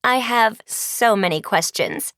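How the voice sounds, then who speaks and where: A woman's voice: on the high side, lively intonation, slow, a bit bright, dry recording, studio quality, heavily acted. A woman reading an audiobook, voicing a sweet teenage vampire girl who talks in a chirpy, gushing way. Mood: bubbly.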